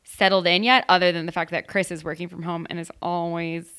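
A young adult woman in casual chat, talking in quick asides and laughing often. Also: on the low side, level tone, a bit bright, clear, resonant tone.

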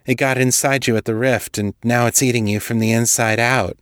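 A man voicing a commanding young woman investigator who talks briskly, with an exasperated edge. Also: mid-range voice, steady tone, dry recording, studio quality, natural voice. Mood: urgent.

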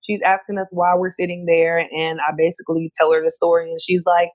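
A woman telling a story in casual chat, animated and quick, acting out what other people said. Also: on the low side, dry recording.

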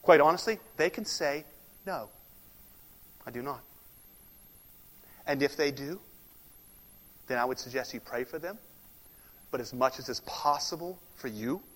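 A male pastor preaching a sermon, swinging from emphatic loud declarations to hushed, almost whispered lines. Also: medium pitch, lively intonation, normal speed, pauses often. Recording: long hall reverb.

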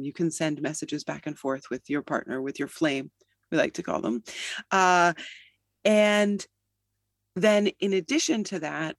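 A founder gives long, articulate answers in an interview, pausing on the odd filler. The voice sits at a middling pitch, and the recording is dry and close. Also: creaky, dry recording. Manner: articulate, explains at length with fillers. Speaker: guest, app founder.

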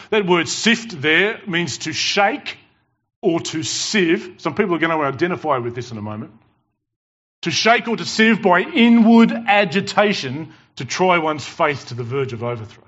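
A man preaching a sermon in church with animated, emphatic storytelling and jokes. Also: a little high, moderate pace. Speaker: pastor. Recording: dull lo-fi church recording.

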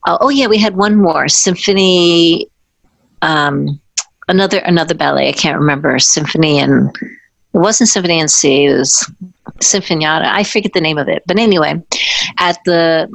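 Woman, lowish voice, former dancer telling an anecdote, halting with restarts, dry close sound. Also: gravelly, no echo. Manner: halting storytelling with restarts, acting out the people she quotes. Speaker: former ballet dancer recounting her career. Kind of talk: personal anecdote.

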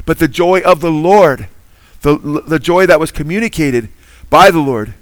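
A man's voice: a little high, unhurried, no room sound. Emphatic preacher man, dry sound. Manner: earnest, emphatic, quizzes listeners with Bible trivia. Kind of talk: sermon.

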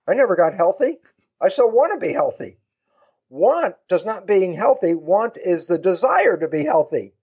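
A man explaining ideas in an interview, animated and acting out both sides of imagined conversations. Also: high voice, slightly rough, no echo, dull audio. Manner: lively, acts out both sides of imagined dialogues. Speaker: guest speaker.

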